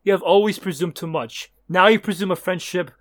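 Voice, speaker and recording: A man voicing a grim, stubborn male antihero ruler, quoting him flatly in a casual chat. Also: sits high, brisk, dry recording, lightly acted. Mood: cold.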